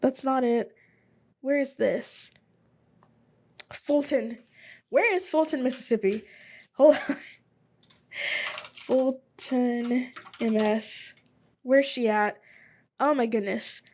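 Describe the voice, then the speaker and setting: A woman in her twenties hosting a casual solo podcast, rambling and chatty, thinking out loud as she goes. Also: on the high side, very slow, pauses often. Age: 20s. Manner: rambling, chatty, thinks aloud while looking things up. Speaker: podcast host.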